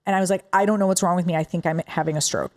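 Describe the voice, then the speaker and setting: Lady guest telling a wild story on a podcast, kinda low voice, really animated. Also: rapid-fire. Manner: animated, dramatic retelling with quoted dialogue. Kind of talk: casual storytelling conversation.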